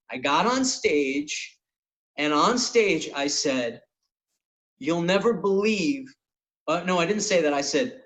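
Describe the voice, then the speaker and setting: A middle-aged man, a comedian hosting a talk show, telling a long story in a loose, animated way. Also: on the high side, takes it slowly, poor audio. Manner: animated storyteller, acts out quotes. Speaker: podcast host and comedian. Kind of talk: casual storytelling.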